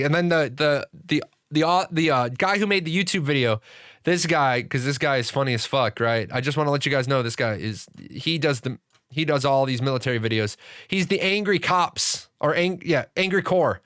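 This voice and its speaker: Male gaming streamer, fairly high and forceful, profane live rant, dry sound, faint music bed. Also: normal speed, clear, resonant tone, dry recording. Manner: animated, swearing, frequent restarts.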